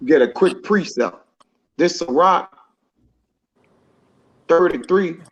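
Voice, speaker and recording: Higher-voiced man reading scripture aloud. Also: dull audio. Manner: reads verses slowly, then explains in slang. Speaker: preacher.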